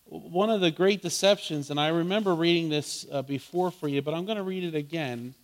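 A man's voice: on the high side, fairly quick. Earnest preacher man with frequent restarts. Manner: earnest, repeats words and restarts, asks the audience questions. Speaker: pastor. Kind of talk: sermon.

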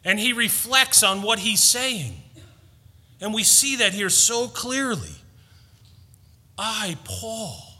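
A man preaches with a high, bright, ringing voice, pressing hard on key words and slipping in playful asides. His voice carries a long reverb, as in a big hall. The delivery swings between teaching and rising fervor. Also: very animated, slow pace. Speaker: pastor. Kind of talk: sermon.

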